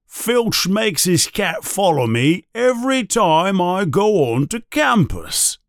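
A man voicing a big, gruff, kindly male gamekeeper in a storybook reading, hesitant and hemming. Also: medium pitch, very animated, takes it slowly, no room sound, studio quality, heavily acted. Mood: angry. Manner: hesitant, with filler sounds.

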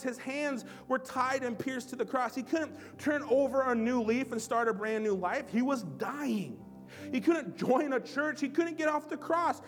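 A male pastor preaching a sermon to his church, leaning on emphatic, repeated phrases. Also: extremely high pitch. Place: church service.

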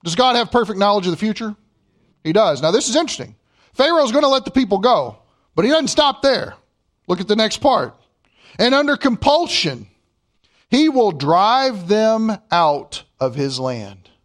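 High, lively preacher. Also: male voice. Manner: emphatic, slows way down to read scripture. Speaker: pastor. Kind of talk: sermon.

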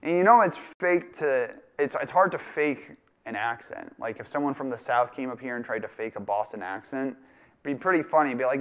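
A man's voice: mid-range voice, animated, brisk, clean tone. A male pastor preaching a sermon in a casual, conversational way, now and then acting out quoted lines with a laugh. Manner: conversational, acts out quoted voices and jokes.

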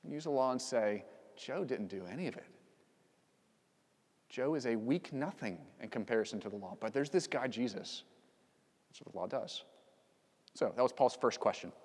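A man's voice: mid-range voice, animated, moderate pace, pauses often, a little mellow, husky. Man, pastor, sermon, conversational with um-fillers and emphatic bursts, long church reverb. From United States. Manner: conversational preaching with emphatic outbursts and many fillers. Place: church sanctuary.

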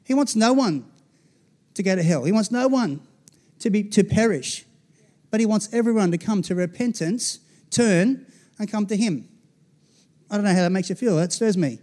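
High-voiced Australian man preaching. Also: moderate pace, dark tone. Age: 40s. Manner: conversational preaching, checks in with the congregation. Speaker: pastor. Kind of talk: sermon.

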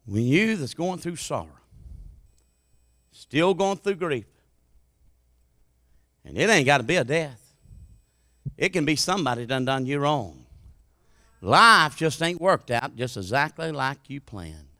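A man preaches a sermon in a bright, forceful voice pitched a little high. He moves from hushed, confiding lines to loud, impassioned calls. The sound is close and dry, with no room echo. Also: big pitch swings, unhurried, long pauses.

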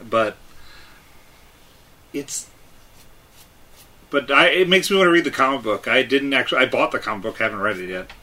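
Casting note: male podcast co-host, husky but bright voice, matter-of-fact with dry humor. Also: mid-range voice, expressive, normal speed, long pauses. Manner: corrects facts, dry jokes. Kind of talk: casual chat.

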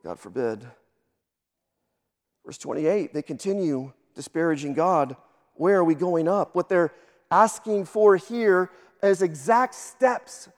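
A man delivers a sermon in a high-pitched voice, pressing his points with emphatic force and stuttered restarts. His words ring out with a long reverb, as if in a large church hall. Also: measured pace. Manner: emphatic preaching, repeats words when starting sentences. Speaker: guest pastor.

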